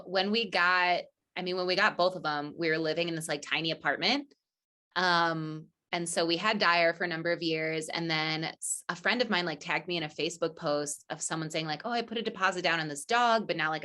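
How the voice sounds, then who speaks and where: A woman's voice: lowish voice, sharp tone. Chatty woman telling a story. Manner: chatty storyteller, many "like" fillers, acts out quotes. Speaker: podcast guest, musician. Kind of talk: casual podcast chat.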